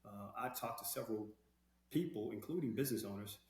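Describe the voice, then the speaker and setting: A man's voice: on the low side, fairly quick, a little mellow. A man in his sixties, a political candidate answering interview questions in an earnest way, with many fillers and restarts. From Douglas County, Georgia. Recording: roomy echo with faint background noise.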